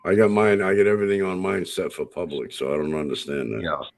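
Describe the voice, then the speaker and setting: A man's voice: sits low, steady tone, fairly quick, creaky. A man hosting a casual online chat, talking in a plain, easygoing way. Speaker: host.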